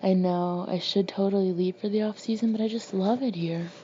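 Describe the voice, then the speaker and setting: A carefree young waitress who shrugs off every danger, voiced by a woman. Her voice is soft and mellow, and she talks in a breezy, airy way. Faint hiss sits under a slightly muffled recording. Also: medium pitch, steady tone, fairly quick, lightly acted.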